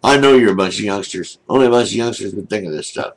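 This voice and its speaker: Indignant older man with a husky voice. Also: lowish voice, quick pace, low-quality recording. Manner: indignant, aggrieved, rambling. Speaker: video blogger. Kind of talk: angry webcam rant. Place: home, seated in a wheelchair.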